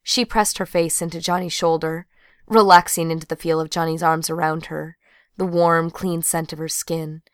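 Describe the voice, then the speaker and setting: A woman narrating an audiobook in an even storytelling read. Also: sits low, normal speed, clear, resonant tone, no echo, clean studio sound. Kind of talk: scripted narration.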